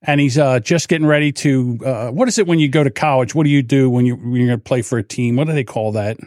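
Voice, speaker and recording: A man's voice: mid-range voice, quick pace, darkish tone, no echo, studio quality. A man co-hosting a podcast in casual chat, joking and provocative, often repeating himself. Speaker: podcast co-host.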